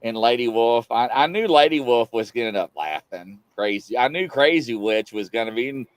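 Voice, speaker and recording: Male host, rambling live-chat storyteller with a lively, dry-sounding delivery. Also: mid-range voice, moderate pace, no echo. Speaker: livestream show host. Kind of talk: casual live-show chat.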